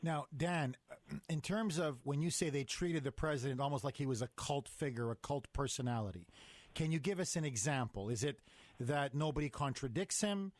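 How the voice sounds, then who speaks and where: A man's voice: medium pitch, moderate pace, dry recording. A male radio host asking the guest a string of probing questions.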